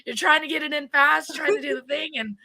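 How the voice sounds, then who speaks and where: A woman hosting a podcast interview, chatty and quick to laugh, with plenty of fillers. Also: high-pitched, vocal fry, sharp tone. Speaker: podcast host. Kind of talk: casual interview chat.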